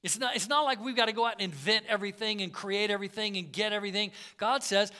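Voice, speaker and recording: Bright, high-voiced preaching man. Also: steady tone, fast talker, few pauses, clean tone. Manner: earnest preaching, swings between loud emphasis and soft asides. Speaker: pastor. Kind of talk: sermon.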